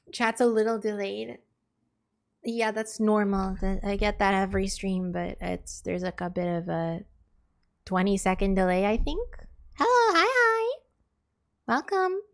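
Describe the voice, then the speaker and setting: Gravelly-voiced woman streamer chatting. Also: medium pitch, flat delivery, moderate pace, a little mellow. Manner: exasperated, rambling, talks to chat. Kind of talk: casual live-stream chat.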